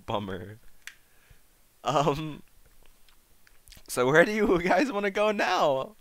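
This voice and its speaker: A man's voice: fairly high pitch, sing-song, takes it slowly, pauses often, a bit bright, no echo. A man casually narrating his choices in a laid-back, joking way while streaming a game. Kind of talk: casual live game commentary.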